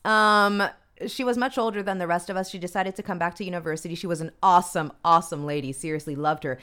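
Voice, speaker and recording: A woman's voice: lowish voice, fast, a bit bright, clean tone. A woman hosting a casual talk show, reading from a list in a candid, chatty way with wry asides and free swearing. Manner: candid, chatty, swears freely, comments wryly as she reads. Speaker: podcast host.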